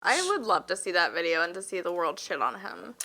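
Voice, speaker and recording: A woman's voice: lowish voice, expressive, brisk, pushed and bright, low-quality recording. A woman comedian guest chatting casually on a podcast, reacting expressively. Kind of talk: casual chat.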